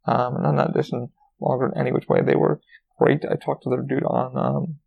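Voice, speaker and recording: A man's voice: medium pitch, level tone, brisk, vocal fry. A man hosting a casual solo podcast, rambling and swearing freely with many fillers and restarts, recorded with a dull lo-fi sound. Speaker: podcast host.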